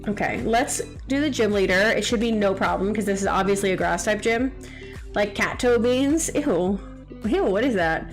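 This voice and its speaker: A young woman with a mid-range voice streams a game against soft background music, chatting casually. She reads messages from chat aloud and fires off quick jokes teasing the viewers.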